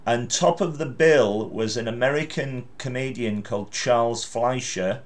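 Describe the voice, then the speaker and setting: A man's voice: mid-range voice, unhurried. A middle-aged man hosting a podcast interview, chatty and encouraging, with frequent fillers. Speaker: podcast host. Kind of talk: casual interview.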